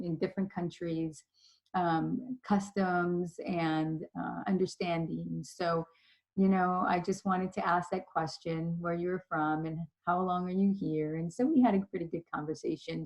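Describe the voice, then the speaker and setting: A woman's voice: on the low side, low-quality recording. Chatty woman leadership trainer telling stories. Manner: storytelling, chatty, animated retelling. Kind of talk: webinar presentation with slides.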